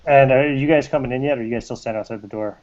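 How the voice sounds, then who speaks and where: Man calmly stating his moves. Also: medium pitch. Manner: deliberate, states his actions. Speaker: player. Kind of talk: casual tabletop play. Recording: lo-fi, dull recording.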